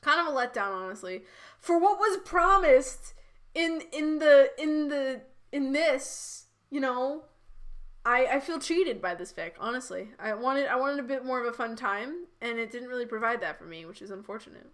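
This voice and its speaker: A woman streamer riffing through a live fan-fiction read in a rambling, giggly, incredulous way. Her voice sits fairly high and sounds bright and sharp. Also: expressive, moderate pace.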